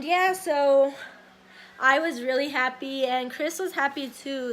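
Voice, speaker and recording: A young woman recounts a personal story to her viewers in a casual vlog. Her voice sits high, and she rambles along, filling her sentences with likes and ums. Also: bright, forceful tone, slight background noise. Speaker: vlogger.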